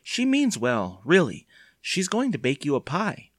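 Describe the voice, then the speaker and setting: A man voicing a middle-aged mother in a storybook reading, raising his voice into a higher, coaxing tone that turns sharp at times. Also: wildly swooping pitch, a little slow, no room sound, clean studio sound, exaggerated voice. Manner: pleading, coaxing, sometimes sharp. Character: anxious, stern mother, middle-aged woman.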